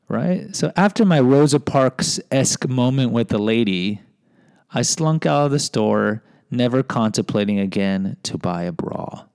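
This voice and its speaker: A man's voice: mid-range voice, lively intonation, moderate pace, darkish tone, clean tone, no echo. A man telling personal stories in a casual monologue, candid and self-deprecating, often restarting and adding asides.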